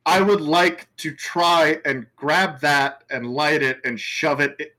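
A man playing a tabletop horror game, excitedly laying out his character's plan and laughing as he talks. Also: fairly high pitch, slow pace, poor audio. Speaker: player. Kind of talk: tabletop game play, casual banter.

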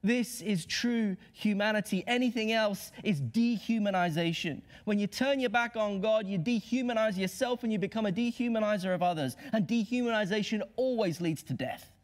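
A man preaching a Good Friday sermon, impassioned and rhetorical, dropping to hushed lows and rising to emphatic highs. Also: moderate pace, hardly any pauses.

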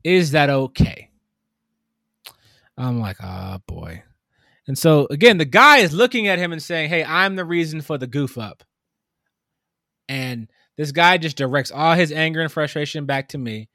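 A man telling a long story in casual conversation, animated and acting out the people in it. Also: a little high, normal speed, dry recording, studio quality. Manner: animated storytelling, mimics customers. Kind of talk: casual chat.

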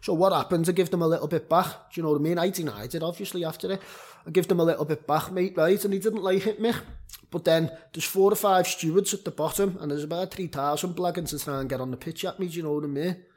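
Husky, sweary Scouse man telling tales. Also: on the high side, fast, darkish tone. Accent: Liverpool. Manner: blunt, sweary storytelling with many fillers. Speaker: former semi-pro footballer guest. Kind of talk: casual podcast chat.

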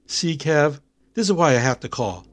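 A man's voice: a little high, lively intonation, moderate pace, pitched above the performer's own voice, close to an everyday voice. A man reading aloud the lines of a bossy older sister who scolds her brother. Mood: teasing. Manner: insistent, clipped, talks over others. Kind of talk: read-aloud story dialogue.

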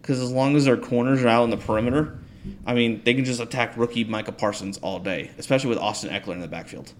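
A man co-hosting a sports podcast, arguing football matchups animatedly and climbing in pitch as he presses his point. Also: fast, slight background noise. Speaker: podcast co-host. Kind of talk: casual sports chat.

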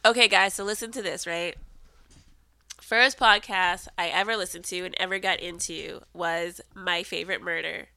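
A woman's voice: fairly low pitch, steady tone, normal speed, vocal fry, pushed and bright, smooth, no echo. A woman in her thirties hosting a podcast, chatting casually and telling stories animatedly, swearing now and then. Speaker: podcast host. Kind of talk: casual chat.

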